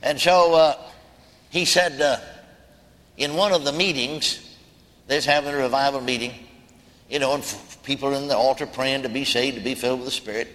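A man's voice: medium pitch, fairly even intonation, normal speed, pauses often, a bit bright. Folksy preacher man in a reverberant hall. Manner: folksy storytelling, emphatic. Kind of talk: sermon.

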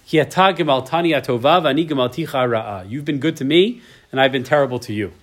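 A man's voice: medium pitch, animated, a little fast. A man in his thirties teaching a casual Torah class. He reads each verse in Hebrew, translates it, and keeps asking "right?". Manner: chatty, tags lines with "right?".

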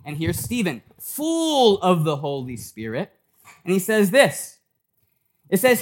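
Male pastor, casual preaching, lively pitch, slow unhurried delivery. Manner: conversational preaching, acts out quoted voices. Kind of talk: sermon. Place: church.

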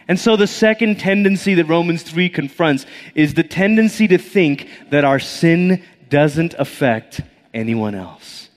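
A man's voice: fairly high pitch, measured pace. A man preaching a sermon as pastor, telling stories and acting out voices, a little out of breath. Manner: animated storytelling with acted-out inner voices. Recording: long reverb of a hall.

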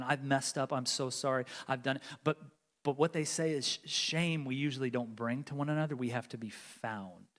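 A man in his forties preaching a sermon, moving between loud urgency and hushed, near-whispered lines. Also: mid-range voice. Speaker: pastor. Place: large church sanctuary. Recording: long reverb of a large church hall.

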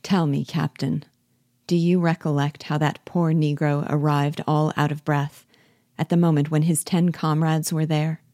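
A woman's voice: low-pitched, little pitch movement, a little slow, dark tone, dry recording, clean studio sound. A woman voicing a loyal, sentimental old male army sergeant who speaks humbly and rambles. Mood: earnest, humble.

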